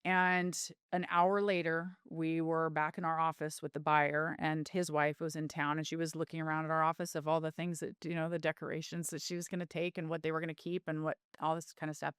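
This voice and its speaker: A woman's voice: sits low, level tone, fairly quick, hardly any pauses, a bit bright, clear, resonant tone, no echo, studio quality. A middle-aged woman telling a personal story as a podcast guest, in an earnest, heartfelt way. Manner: earnest, heartfelt, with vivid retelling.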